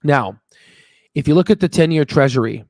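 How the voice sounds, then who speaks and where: A man giving casual, excitable stock market commentary while sharing his screen, emphatic and swearing now and then. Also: fairly high pitch, moderate pace, dry recording, studio quality.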